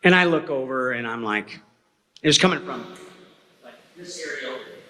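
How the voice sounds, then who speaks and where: A man's medium-pitched voice, brisk, pushed and bright, carries over slight background noise. As an eyewitness at a talk, he spins a folksy, rambling tale for a hall audience, often asking "okay?". The recording has a reverberant hall quality.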